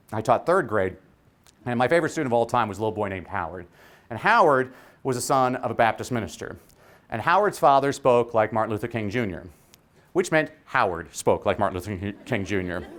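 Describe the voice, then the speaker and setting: A man who is a teacher, giving a joking, preacher-like keynote speech. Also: mid-range voice. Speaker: teacher giving a conference talk.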